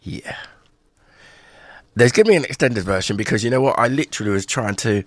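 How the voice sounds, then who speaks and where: Jokey lively-voiced radio host man. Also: medium pitch, fairly quick, no echo. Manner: jokey, laughs a lot, rambling. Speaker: radio breakfast show host. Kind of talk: chatty live radio talk. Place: radio studio.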